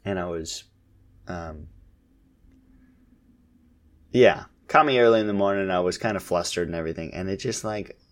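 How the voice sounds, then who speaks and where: A man in his thirties, a podcast co-host, casually chatting about his kids in a relaxed, rambling way with lots of fillers. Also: low-pitched, normal speed, pauses often. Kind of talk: casual chat about family.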